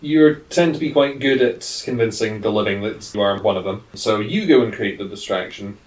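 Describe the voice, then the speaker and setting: A low-voiced man playing a tabletop game, making dry, wry remarks. He sits back from the microphone in a roomy, echoing space. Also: moderate pace, recorded from a distance. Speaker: player. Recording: roomy, set back from the mic.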